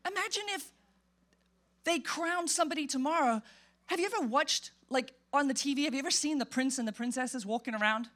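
Lady pastor preaching in church, high voice, gets loud and emphatic, acts out little quotes. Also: brisk. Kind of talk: sermon.

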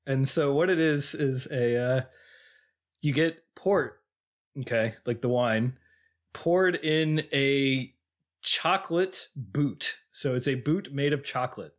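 A man's voice: medium pitch, slow. A man co-hosting a podcast in casual chat, thoughtful and a bit hesitant, with restarts. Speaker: podcast co-host.

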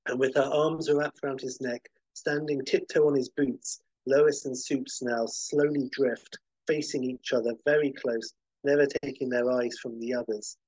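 A man hosting a podcast, narrating a film pitch vividly, with occasional fillers. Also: fairly even intonation, measured pace, a little mellow, no room sound, poor audio. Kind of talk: animated story pitch.

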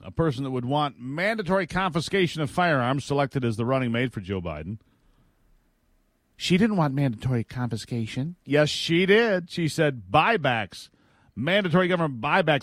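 A man's voice: on the high side, fairly bright tone, dry recording, studio quality. A man hosting a political talk radio show, opinionated and chatty, laughing now and then.

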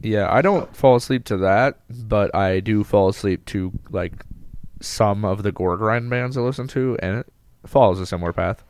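A man co-hosting a podcast, chatting casually and cracking deadpan, crude jokes. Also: lowish voice, normal speed.

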